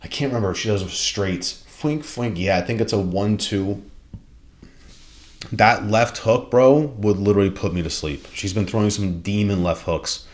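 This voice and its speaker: Young male betting host, lowish voice, loose profane rambling delivery with excitable spikes. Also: normal speed. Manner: rambling, profane, excitable, with sound-effect bursts. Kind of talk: casual fight predictions vlog.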